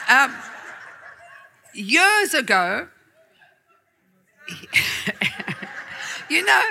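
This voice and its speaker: A middle-aged woman preacher tells a personal story to her church in a high, very bright voice. She chats warmly, laughs often and mocks herself in asides. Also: vocal fry. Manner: chatty and laughing, self-mocking asides. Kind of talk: storytelling sermon.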